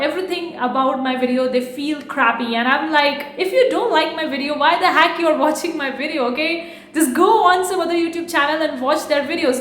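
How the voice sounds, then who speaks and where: Woman, high voice, rapid talker, frank and defensive, echoey room. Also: a bit bright. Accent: non-native English accent. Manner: fast-talking. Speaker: online business YouTuber. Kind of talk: casual talk to camera.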